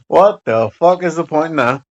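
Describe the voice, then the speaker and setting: A man's voice: a little high, big pitch swings, slow pace, muffled recording. A man, chatting casually and rambling while live streaming, swearing and joking. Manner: profane, rambling, joking banter.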